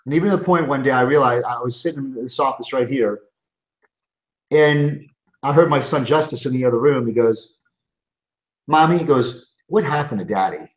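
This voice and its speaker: A man's voice: mid-range voice, brisk. Man, middle-aged, motivational webinar host, emphatic, many restarts, echoey room, muffled lo-fi sound. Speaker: chiropractor and coaching group founder. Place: his office. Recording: roomy, dull lo-fi sound.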